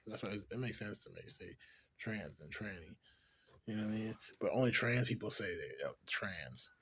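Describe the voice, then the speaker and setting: A man with a husky, breathy voice rambles through a casual vlog monologue. He sits a little low in pitch, swears freely and keeps padding his sentences with "like" and "you know what I'm saying". He laughs off his own lost trains of thought as he goes. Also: expressive, normal speed, fairly bright tone. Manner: profane, rambling, heavy use of "like"; laughs often between thoughts. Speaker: vlogger.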